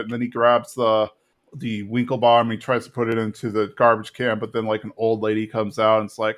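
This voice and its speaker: A man from Texas casually recapping a cartoon episode on a podcast, slipping into quick voices for the characters. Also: on the low side, little pitch movement. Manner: retells plot with quick put-on character voices. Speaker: podcast co-host.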